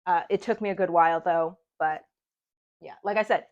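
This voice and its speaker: A woman's voice: on the low side, steady tone, normal speed. A young woman chatting casually to camera about books she has read, self-deprecating and laughing often, with a slightly scratchy throat. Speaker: book vlogger. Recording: dull lo-fi sound.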